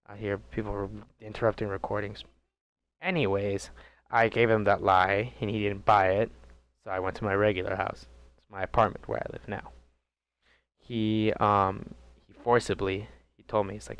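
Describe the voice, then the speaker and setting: A man's voice: lowish voice, moderate pace, clear, resonant tone. Rambling young man telling a story. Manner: rambling, animated storytelling with crude jokes. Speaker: vlogger. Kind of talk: storytime vlog.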